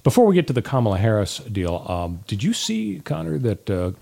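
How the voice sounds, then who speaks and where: A man's voice: fairly low pitch, wildly swooping pitch, brisk, gravelly, a little mellow. A man co-hosting a political talk show, wry and jokey, setting up topics with leading questions. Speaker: co-host.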